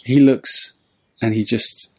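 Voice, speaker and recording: A man tells a story in a relaxed, unhurried manner, as a spiritual teacher would. He meanders, circling back and restarting his phrases as he goes. His pitch sits in a middle range for a man. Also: husky. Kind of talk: storytelling talk.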